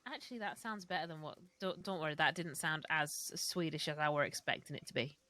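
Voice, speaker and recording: A woman's voice: low-pitched, a little fast, pushed and bright, dry recording. A woman from northern England with a Northern English accent, chatting in a wry, bemused way during a roleplay. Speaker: roleplay character. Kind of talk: in-character roleplay chat.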